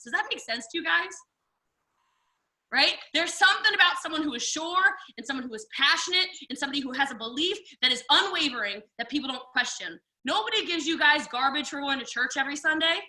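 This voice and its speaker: A woman's voice: very high voice, animated, sharp tone, reverberant, far from the mic. A woman giving an emphatic, preachy motivational pep talk as guest speaker on a team coaching call, acting out people's excuses. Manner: fast, emphatic, preachy, acts out quoted excuses. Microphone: video call.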